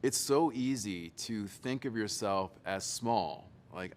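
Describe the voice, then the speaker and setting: A man's voice: on the low side, slow pace, hardly any pauses, slight background noise. A young adult man giving a storytelling keynote talk, playful and teasing his audience. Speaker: motivational speaker.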